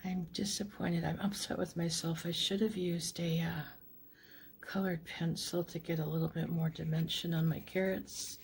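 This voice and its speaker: A woman hosting a crafting video, talking casually and a bit self-deprecatingly as she works, often trailing off into soft near-whispers. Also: on the low side, level tone, moderate pace, a little hiss or hum. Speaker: crafting channel host. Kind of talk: casual crafting talk-through.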